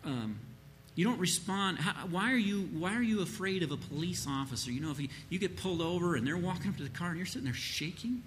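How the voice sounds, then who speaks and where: A man's voice: high voice, expressive, fast, hardly any pauses, fairly bright tone, slight background noise. A man giving an informal church talk on parenting, rambling with fillers and acting out quoted parents. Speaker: church speaker answering a question. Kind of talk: informal sermon-style teaching.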